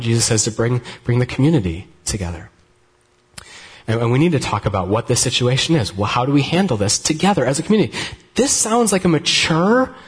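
A man preaching a sermon in a conversational, gently humorous way, often restarting his sentences. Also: fairly high pitch. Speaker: pastor. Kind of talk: sermon with live demonstration.

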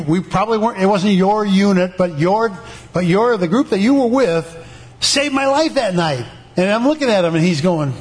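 Older man, high voice, halting testimony. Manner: halting, with many restarts and repeated words; animated, acts out the voices of people in his story. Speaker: veteran giving a testimony. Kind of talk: church testimony storytelling.

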